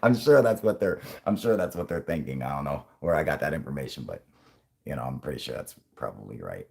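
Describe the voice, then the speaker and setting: A man's voice: a bass voice, lively intonation, fairly quick, vocal fry. A man in his twenties hosting a casual livestream, stoned and rambling, swearing constantly and laughing often. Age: 20s. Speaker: channel host.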